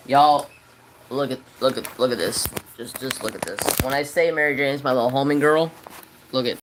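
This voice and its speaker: A man's voice: medium pitch, moderate pace, a little hiss or hum, low-quality recording. A man hosting a casual crafting livestream from his home craft room, rambling loosely and swearing now and then.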